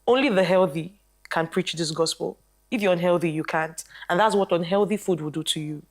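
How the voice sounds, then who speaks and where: On a casual panel show, a woman who works as a health practitioner animatedly tells stories about her clients, quoting them and acting out their lines. Her voice is lowish and a little fast.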